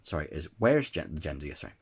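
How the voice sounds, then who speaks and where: A man's voice: very deep voice, sing-song, racing, creaky, husky. A man ranting in a casual opinion video, stumbling over words, restarting sentences and apologizing often. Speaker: channel host. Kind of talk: casual opinion rant to camera.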